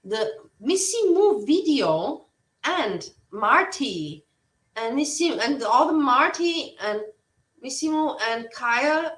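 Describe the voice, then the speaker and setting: A woman's voice: high-pitched, big pitch swings, takes it slowly, fairly bright tone, roomy sound, far from the mic, low-quality recording. A woman hosting a casual livestream chat, rambling and blunt, swearing freely. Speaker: livestream host.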